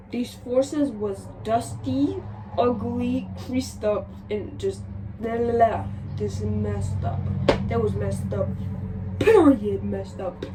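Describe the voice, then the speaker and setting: A woman vlogger telling a casual storytime in an animated, exasperated way, repeating herself for emphasis. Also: medium pitch. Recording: distant mic with noisy background.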